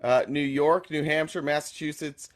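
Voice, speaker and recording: A man's voice: a little high, fairly even intonation, moderate pace. A man from the United States hosting a podcast, joking and teasing his guest in casual chat. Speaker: podcast host.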